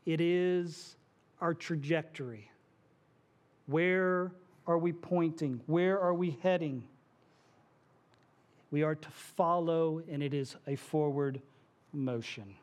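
A man's voice: a little high, slow pace, long pauses. A male pastor preaching a sermon to his congregation in a church, conversational, with asides and small jokes. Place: church sanctuary.

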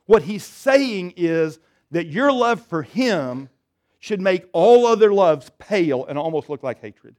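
A pastor preaching a sermon in a slightly higher-than-average male voice. He drives some points home loudly and drops others to a quiet, low murmur. The delivery is conversational but emphatic. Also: lively intonation, slow. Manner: dynamic preaching, swings from loud emphatic to soft and low.

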